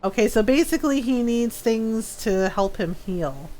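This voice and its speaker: A woman's voice: fairly high pitch, animated, a little slow, mellow, soft background music. A woman game streamer chatting casually while she plays, rambling and laughing through her stories. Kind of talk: casual live-stream chat while playing.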